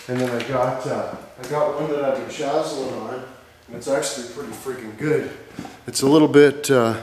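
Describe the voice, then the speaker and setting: A man's voice: medium pitch, a little hiss or hum, low-quality recording. A young man, telling rambling stories in a crude, slangy way to his viewers. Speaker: vlogger. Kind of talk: rambling casual storytelling. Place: in a vehicle on the road.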